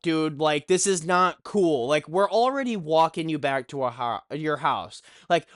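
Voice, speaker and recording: A young man telling a story on his own channel in an animated, exasperated rant, swearing constantly. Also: sits high, clean tone, no echo, clean studio sound. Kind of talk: profane ranting storytime.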